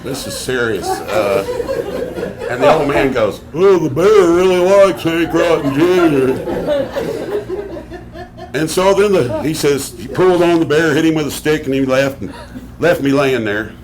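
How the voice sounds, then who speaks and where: A man telling a comic story on stage, animated, laughing through it and swearing freely. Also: medium pitch, normal speed. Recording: live crowd noise around the voice.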